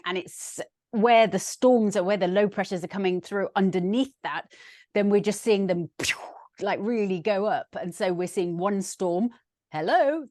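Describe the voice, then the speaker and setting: A woman's voice: medium pitch, a little mellow, no echo, clean studio sound. A middle-aged woman co-hosting a weather podcast, explaining in a chatty way and laughing readily. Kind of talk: casual chat.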